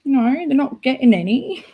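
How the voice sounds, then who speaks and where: A woman's voice: sits high, moderate pace, breathy edge, lo-fi sound. A woman hosting a live stream, chatting casually and rambling with lots of "like" and giggles. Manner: rambling, giggly, full of "like" fillers.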